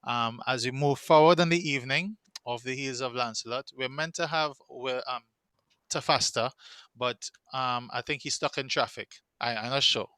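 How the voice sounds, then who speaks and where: A man's voice: medium pitch, moderate pace, pushed and bright, clean tone, dry recording. Playful teasing man as host, dry close sound. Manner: playful, teasing, repeats himself. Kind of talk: hosting an online show. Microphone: video call.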